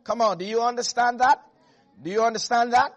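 A man's voice: very high voice, steady tone, lo-fi sound. A man preaching a sermon, reading scripture aloud and calling on the congregation to answer back. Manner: emphatic preaching with call-and-response to the congregation; reads scripture aloud in a measured cadence.

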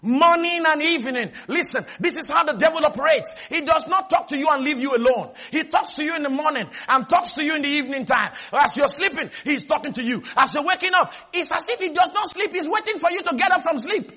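A male preacher giving an animated sermon, calling for congregation responses and shouting at peaks. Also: extremely high pitch, a little fast, few pauses.

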